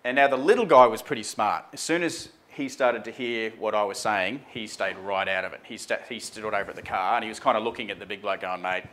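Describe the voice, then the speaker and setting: A man's voice: on the low side, brisk, hardly any pauses, fairly bright tone. A man recounting a run-in with police on air, acting out the dialogue in a casual, conversational way. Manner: acts out dialogue, conversational with frequent ums and "mate". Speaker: speaker recounting a traffic stop. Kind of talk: animated spoken storytelling on air.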